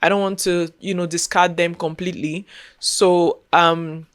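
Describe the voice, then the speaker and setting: Earnest woman with a low voice. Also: steady tone, a little slow. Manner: earnest, heartfelt, repeats phrases. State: getting emotional, near tears. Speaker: content creator and podcast host. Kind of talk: casual talk to camera.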